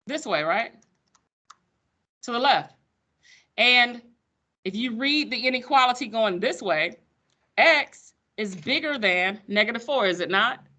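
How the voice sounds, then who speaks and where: A woman's voice: a little high, pushed and bright. A woman teaching a math class, sassy and playful with her students. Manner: sassy, playful, calls students sugar baby.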